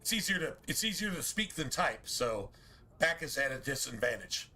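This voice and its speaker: A man's voice: mid-range voice, sing-song, moderate pace, sharp tone. A man streaming a game, talking in a casual, profane, preachy rant full of rhetorical questions.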